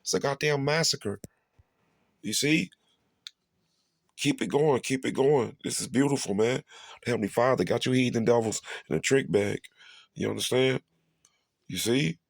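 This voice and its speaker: A preacher delivers a profane street-sermon rant, repeating himself over and over and constantly asking listeners "you see?" with emphatic, drawn-out stresses. His voice is medium-pitched and creaky on a dry recording.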